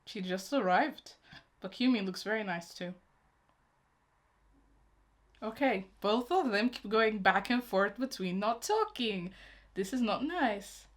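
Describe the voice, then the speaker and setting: A woman's voice: medium pitch, lively intonation, unhurried. A young woman hosting a reaction video, chatting casually and emotionally, talking back at the screen.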